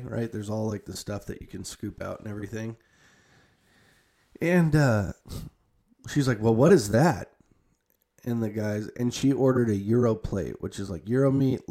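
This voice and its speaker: A man's voice: lowish voice, gravelly, dark tone. A young man telling a long family story in casual, rambling speech full of "like" and restarts. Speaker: storyteller recounting a family visit.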